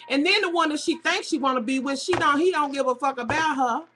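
This vlogger, a middle-aged Southern US woman, talks fast in a high, bright, forceful voice. Her casual webcam rant about reality TV is blunt and full of profanity.

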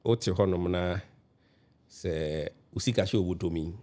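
A man's voice: sits low, unhurried, warm tone. A man, a guest on a radio talk show, explaining his view at length, often restarting and checking that the listener understands. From Ghana.

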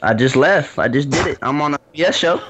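A man's voice: fairly high pitch, lively intonation, brisk, a bit bright, lo-fi sound. A man bantering casually on a gaming podcast, joking and mocking himself. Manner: joking, self-mocking, laughs often.

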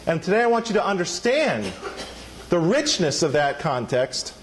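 Male pastor, high voice, emphatic preaching style, draws responses from the congregation. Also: sing-song, normal speed. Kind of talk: sermon. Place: church sanctuary.

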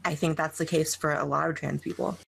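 Laid-back woman with a creaky voice. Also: low-pitched, brisk, slight background noise. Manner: relaxed, laid-back, filler-heavy talk. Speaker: interview guest, YouTuber. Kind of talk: casual interview chat.

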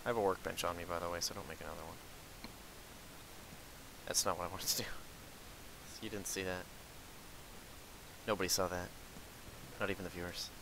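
A man's voice: low voice, flat delivery, fairly quick, creaky, long pauses, bright, forceful tone, a little hiss or hum, poor audio. A young man hosting casual gameplay commentary, teasing his co-player with joking banter. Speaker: channel host.

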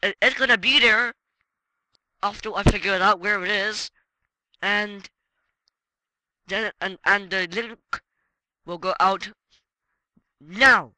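A man narrating his own gameplay in a casual, excitable way, breaking into exclamations and swearing. His voice is very bright and piercing, and the recording is dry and close. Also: sits high, takes it slowly, pauses often, no echo, rough recording. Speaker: let's play gamer.

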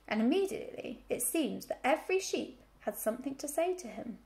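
A woman teacher reading a children's novel aloud to her class. Her storytelling is clear and expressive, her voice sits a little high and carries a gravelly texture. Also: brisk, few pauses.

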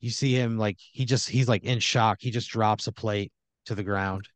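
A man improvising a comedy story on a podcast, halting with fillers and restarts and slipping into quick character voices. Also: fairly low pitch, steady tone, dry recording. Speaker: podcast host telling an improvised scenario.

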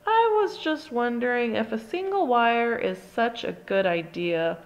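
A woman's voice: a little high, lively intonation, measured pace. A shy little mouse ballerina from a storybook, stumbling over her words as she tries to speak up, put on by a woman reading aloud. She sounds hesitant and hopeful in a slightly raised, girlish voice. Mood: timid. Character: timid young girl mouse ballerina.

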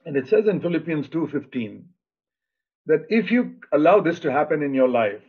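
A man's voice: a little high, big pitch swings, moderate pace, husky. An older male preacher giving a sermon in an earnest, plain-spoken way, acting out bits of dialogue. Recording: tinny phone-like sound.

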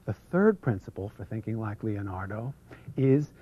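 A man presenting an instructional seminar, energetically drawing out foreign terms for the audience to repeat and sometimes dropping to a hush. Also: lowish voice, lively intonation, moderate pace. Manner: drops to a hush for some passages. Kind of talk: instructional seminar talk leading audience repetition. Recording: muffled lo-fi video recording.

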